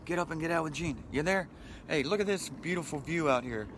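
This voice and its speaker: A man's voice: on the high side, fairly quick, a bit bright, a little hiss or hum. A middle-aged man hosting a casual motivational vlog outdoors by the water, talking into a handheld phone in a friendly, rambling way with frequent chuckles. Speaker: vlog host. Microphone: handheld phone camera.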